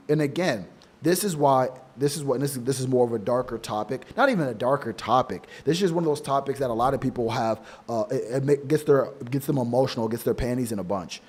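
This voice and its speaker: A man's voice: mid-range voice, darkish tone. A man giving emphatic, repetitive dating advice to other men in a casual, slangy monologue. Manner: emphatic, preachy, repeats for stress; casual slang, addresses listener as bro. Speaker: men's dating coach.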